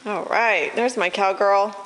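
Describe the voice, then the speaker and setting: A woman's voice: medium pitch, fairly even intonation, unhurried, fairly bright tone. A mother playing at home with her toddler, praising and coaxing her in a sing-song way, on a home video. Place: home room with toys. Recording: noisy home camcorder recording.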